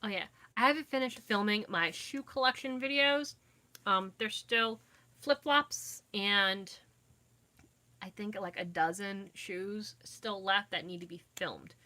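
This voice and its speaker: Medium-pitched, a little slow, bright and forceful, her voice carries a casual live chat with viewers. The young vlogger rambles and loses her thread while filming on a phone camera inside her dim home.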